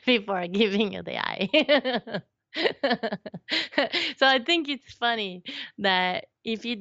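A woman talks through her stories on a podcast, animated and playful, often slipping into the voices of the people she describes. The sound is a little dull and lo-fi, with a dry, close feel and no room around it. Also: medium pitch, no room sound. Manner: animated storyteller, acts out quoted voices. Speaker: podcast guest. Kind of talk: casual conversation.

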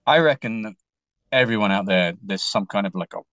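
English male musician, bright forceful voice, open and emotional, rambles and restarts, a touch lo-fi. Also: lowish voice, fairly quick, no echo. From England. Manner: rambling and emotional, with many restarts and casual swearing. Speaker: musician guest. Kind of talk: candid conversational storytelling.

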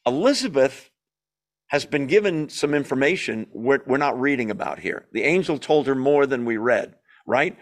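A man with a voice of ordinary pitch leads a Bible study in a lively, emphatic way. He reads passages aloud, comments on them with opinionated asides, and keeps asking his listeners questions that he answers himself. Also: moderate pace.

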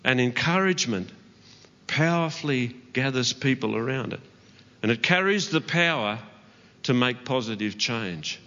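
A man's voice: medium pitch, expressive, moderate pace, sharp tone. A man preaching a sermon to his church, earnest, with light laughs and asides to the congregation. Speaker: pastor. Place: church auditorium. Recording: dull church hall recording with long reverb.

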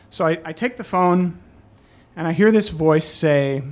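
A young man spins a personal story for a live crowd, chatty and animated, slipping in laughing asides. His voice sits high and light for a man. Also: measured pace.

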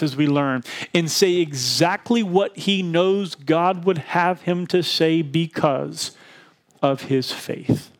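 A man in his thirties preaching a sermon as a pastor. He tells stories with energy and acts out the people in them in a raised voice. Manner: animated storytelling, acts out quotes in a higher voice.

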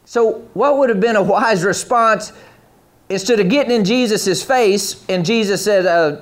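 A man's voice: sits high, normal speed. A man preaching a sermon to a church congregation, reading scripture aloud and asking the room to follow along. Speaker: pastor.

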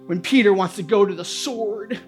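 A male pastor preaching a sermon, moving from quiet personal confession to loud, impassioned preaching. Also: high voice, moderate pace, faint music behind. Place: church sanctuary.

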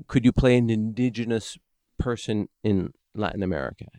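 A man with a lowish voice co-hosts a podcast at a moderate pace, with no echo. Chatting casually and animatedly, he reads out a listener's message, rambling and restarting his sentences again and again.

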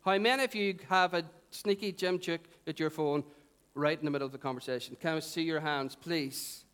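A middle-aged man preaches in a chatty, animated way. His voice sits fairly high for a man. He keeps asking the congregation questions and drawing them in. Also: a little fast, smooth. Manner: animated, conversational, asks the crowd questions. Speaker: pastor. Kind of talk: sermon.

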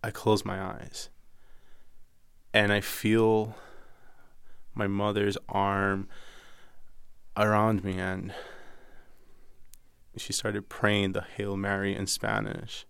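A man's voice: on the low side, monotone, takes it slowly, creaky, pauses often, fairly bright tone, smooth, no room sound, studio quality. A young man with a Dominican accent telling his own life story, earnest and intense. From Dominican Republic. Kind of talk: personal storytelling.

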